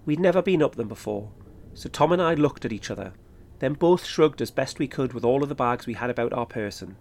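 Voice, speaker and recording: Male podcast host reading a first-person account, even and matter-of-fact, mid voice. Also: medium pitch, a little fast, vocal fry. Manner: steady, matter-of-fact storytelling. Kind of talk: scripted first-person narration.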